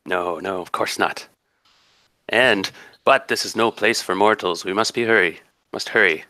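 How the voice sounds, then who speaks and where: A man's voice: lowish voice, normal speed, sharp tone, no echo. A man voicing a laughing, playful woman guide with a strange foreign accent, in a tabletop game. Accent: strange foreign lilt.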